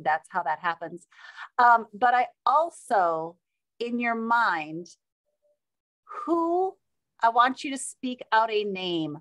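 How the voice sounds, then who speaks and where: An upbeat, chatty woman moderating a video call, with a mid-range voice and quick asides to the group. She calls on people and keeps the meeting moving. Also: mid-range voice, a bit bright.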